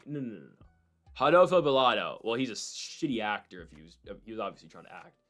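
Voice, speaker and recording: A man casually breaking down MMA fights and predictions, rambling and excitable with frequent asides. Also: medium pitch, fast, faint music behind.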